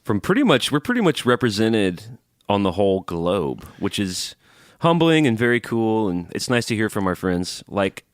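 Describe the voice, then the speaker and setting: A man's voice: fairly low pitch, very animated, normal speed, dry recording, studio quality. A man co-hosting a podcast in casual chat, reading listener mail in an easygoing, joking way, swearing now and then. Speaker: podcast co-host.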